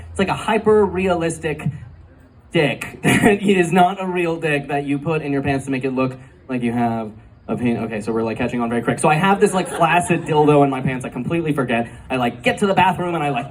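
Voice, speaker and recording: A man's voice: a little high, quick pace. A man doing a stand-up comedy set in a live club, talking in a chatty way full of fillers and laughing at his own jokes. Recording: live club recording from a distance, crowd noise. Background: audience laughter and club ambience.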